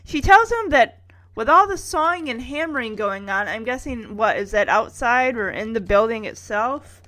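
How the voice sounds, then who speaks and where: A woman's voice: a little high, animated, moderate pace, bright, forceful tone. A woman recapping an episode in a casual, chatty way, with wry sarcastic asides.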